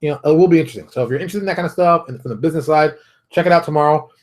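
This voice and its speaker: A man's voice: a little high, racing. A middle-aged man hosting his own games industry show, talking in an emphatic, ranting way, repeating himself and acting out quotes. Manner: emphatic, rants, repeats phrases, acts out quotes. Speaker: host of a daily tabletop games industry show. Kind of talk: casual solo monologue.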